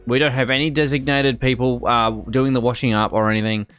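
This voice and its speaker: A man's voice: medium pitch, level tone, a little fast, fairly bright tone, clear, resonant tone, no room sound, soft background music. A young Australian man telling a work story in a casual, rambling way, full of fillers and restarts and getting indignant. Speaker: streamer.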